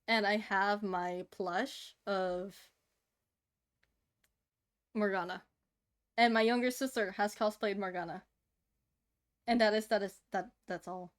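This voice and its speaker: A woman's voice: mid-range voice, clear, resonant tone. A woman in her thirties chatting casually to her stream while drawing, giggling and gushing over cute things. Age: 30s. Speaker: livestreamer.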